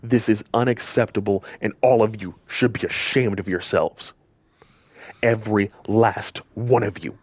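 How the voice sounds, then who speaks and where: A man's voice: fairly low pitch, fairly even intonation, measured pace, darkish tone, husky, no room sound. A man delivering a heated, scolding rant straight at his audience as a commentator, repeating lines for emphasis. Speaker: gaming channel commentator. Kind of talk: angry direct-to-camera rant.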